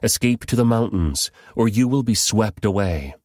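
A man's voice: on the low side, animated, moderate pace, a little mellow, dry recording, studio quality, voice pushed up. A man reading the urgent, commanding words of angels.

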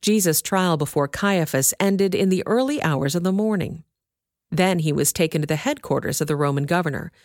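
A woman narrating a scripture passage in a steady, measured reading. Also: lowish voice, no room sound, clean studio sound. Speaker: scripture reader.

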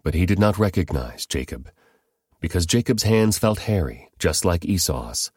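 Male narrator for scripture stories, very low voice, steady even read, dry close sound. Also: moderate pace, breathy edge, no echo. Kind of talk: scripted Bible story narration.

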